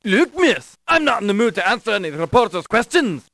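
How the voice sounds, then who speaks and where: A gruff Irish desk sergeant. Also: male voice, high-pitched, big pitch swings, brisk, a bit bright, no echo, full character voice. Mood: brusque. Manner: brusque, dismissive, calls her lass. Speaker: game character.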